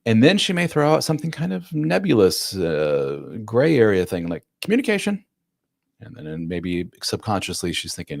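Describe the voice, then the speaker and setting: Brief: male live-stream host, deep voice that swings up and down a lot, blunt casual advice, dry close sound. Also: moderate pace, vocal fry, dry recording. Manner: blunt, casual, calls listeners man and dude; animated, acts out quoted voices. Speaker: host giving relationship advice to divorced dads. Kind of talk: live-stream chat answering viewer questions.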